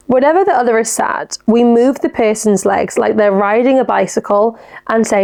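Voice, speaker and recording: Speaking a bit quickly, a young woman with a higher-pitched, dark voice and noticeable vocal fry hosts her podcast alone. She keeps things casual, giggling as she goes through listener messages.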